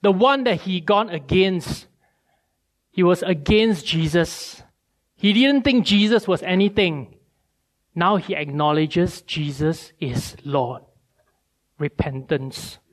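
A male preacher, giving a sermon with animated storytelling and many rhetorical questions. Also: sits high, slow, pauses often.

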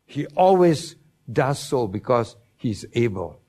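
A man's voice: medium pitch, big pitch swings, darkish tone. A man with preaching a Bible lesson, stressing each promise and quizzing his listeners. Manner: slow, deliberate, emphatic on quoted promises, asks the listeners questions. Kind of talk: Bible teaching sermon.

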